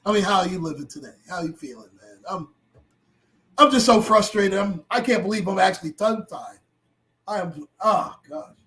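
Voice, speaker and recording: A middle-aged man hosting a livestream and talking to his chat, impassioned and blunt, with profanity that builds into shouting. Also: sits high, a little fast. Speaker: livestream host.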